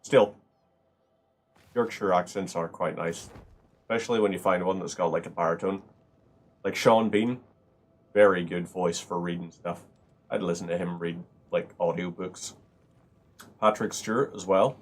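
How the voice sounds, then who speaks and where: A man's voice: deep voice, fairly even intonation, normal speed, pauses often. A man hosting a gaming video, chatting casually and rambling through upbeat asides while he plays. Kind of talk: casual gameplay commentary.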